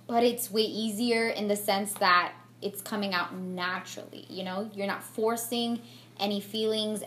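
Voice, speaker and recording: With slight background noise, a young woman's mid-range, somewhat bright voice comes through a tripod camera mic. Doing her makeup for a get-ready-with-me vlog, she speaks candidly and thoughtfully, with lots of fillers and restarts.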